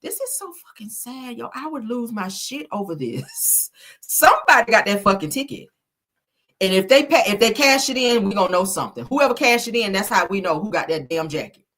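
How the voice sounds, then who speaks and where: Hosting a casual chat, this woman reads live comments with sass and drama, swearing often and calling viewers "baby" and "child." Her medium-pitched voice is very animated, a little fast and fairly bright, with slight background noise.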